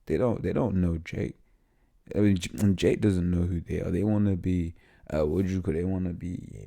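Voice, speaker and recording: A man giving informal scripture teaching, talking haltingly with many fillers and restarts, and reading passages aloud with some stumbling. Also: deep voice, steady tone, vocal fry, warm tone. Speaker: religious teacher.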